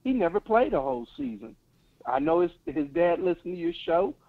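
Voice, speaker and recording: A high-voiced man speaks bluntly and with confidence, laying out his opinions in casual call-in chat. The sound is thin and tinny, as if coming down a phone line. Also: sing-song, normal speed, vocal fry. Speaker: caller.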